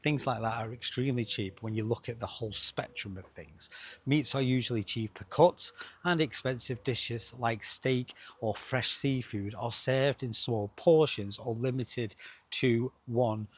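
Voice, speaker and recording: A middle-aged man, chatting quickly and rhetorically as he explains travel costs to viewers. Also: mid-range voice, fairly bright tone, husky. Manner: chatty, rhetorical, fast-talking. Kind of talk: casual explainer monologue.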